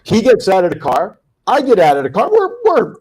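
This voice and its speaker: A man hosting a round-table talk show, telling stories in a lively way and acting out his own shouts. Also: high voice, brisk, breathy edge, poor audio. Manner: animated storyteller, acts out yelling. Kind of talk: casual round-table chat.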